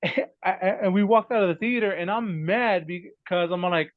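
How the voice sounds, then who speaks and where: A man's voice: sits high, moderate pace, dry recording, phone-quality sound. A man from Texas, a podcast guest who works as a tribute artist to a famous singer, telling rambling stories with frequent laughs. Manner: rambling storyteller, laughs often. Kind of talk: casual podcast chat.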